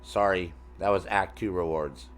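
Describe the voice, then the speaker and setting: Deep-voiced middle-aged guy streaming a game, rambling to chat, swears a lot, jokes around. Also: fairly even intonation, moderate pace, clear, resonant tone. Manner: rambling, profane, jokey, talks to chat. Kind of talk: casual gaming stream chat.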